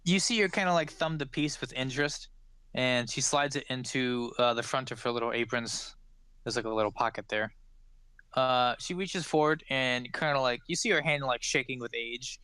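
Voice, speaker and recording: A man narrating as game master of a tabletop game, animated and rambling. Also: mid-range voice, moderate pace, clear, resonant tone, dry recording.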